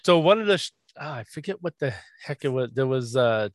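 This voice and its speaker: A man co-hosting a casual sports podcast, easygoing and quick to laugh. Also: mid-range voice, expressive, no room sound. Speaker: podcast co-host. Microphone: studio podcast mic.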